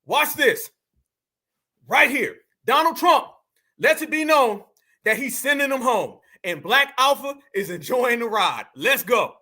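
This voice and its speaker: An American man hosting reaction commentary, animated and loud, slangy and mocking, often shouting. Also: very high-pitched, a little slow. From United States. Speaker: commentary channel host.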